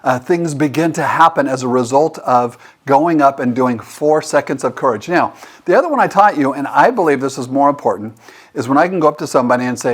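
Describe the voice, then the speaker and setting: A middle-aged man giving a motivational lesson on networking, acting out both sides of the dialogue in an animated way. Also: medium pitch, brisk. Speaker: leadership teacher and host. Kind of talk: motivational talk.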